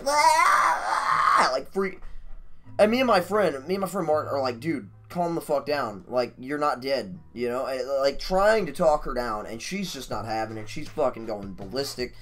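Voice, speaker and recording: A man streaming, telling a story casually in a profane, animated, rambling way. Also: medium pitch.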